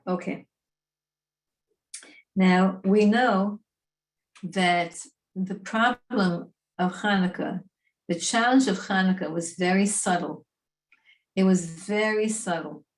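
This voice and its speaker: A woman's voice: mid-range voice, takes it slowly, long pauses. Chatty woman teaching a class. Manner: lively, chatty, emphatic storytelling. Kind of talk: Torah class.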